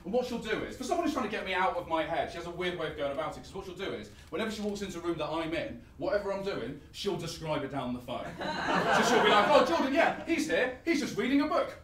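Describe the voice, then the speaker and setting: A man, performing a live stand-up set and swinging from mumbled asides to loud bursts. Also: a little high, lively intonation, fast. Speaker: stand-up comedian. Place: live comedy venue with audience. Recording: clear crowd noise and laughter in a theatre.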